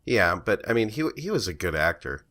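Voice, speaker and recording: A man co-hosting a podcast in relaxed casual chat. His voice sits very low yet sounds bright and forceful, and he mostly answers with short, easygoing reactions. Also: a little fast. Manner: laid-back, short reactions. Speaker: podcast co-host.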